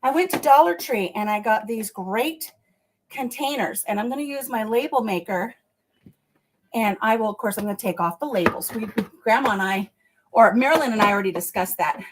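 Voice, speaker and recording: A livestream host with a fairly high pitch and lively intonation chats with her viewers at a moderate pace while emptying and cleaning her kitchen fridge at home. She's slightly out of breath, and there is background noise.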